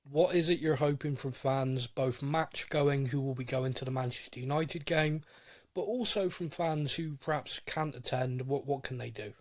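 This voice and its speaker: A man's voice: medium pitch, normal speed. A man hosting a fan podcast, joking and self-deprecating, laughing often while he interviews a guest. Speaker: podcast host. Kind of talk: casual interview chat.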